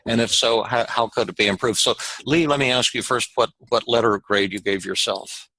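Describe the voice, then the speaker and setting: A man's voice: mid-range voice, normal speed, pushed and bright, no echo, low-quality recording. A man hosting a live therapy session, encouraging the client and speaking directly to listeners. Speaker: therapist and podcast host.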